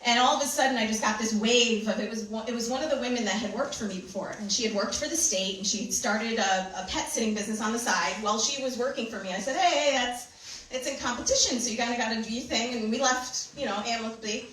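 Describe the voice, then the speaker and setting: A woman giving an animated talk to an audience, telling a personal story and laughing often. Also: fairly high pitch, fast, few pauses, a little hiss or hum. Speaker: speaker. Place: large room with an audience. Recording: echoey hall from far off.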